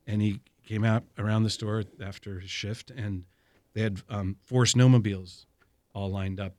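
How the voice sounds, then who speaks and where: A man telling an anecdote as an interview guest, chuckling often and climbing higher as he warms up. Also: fairly even intonation, normal speed, no room sound. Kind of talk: anecdotal storytelling.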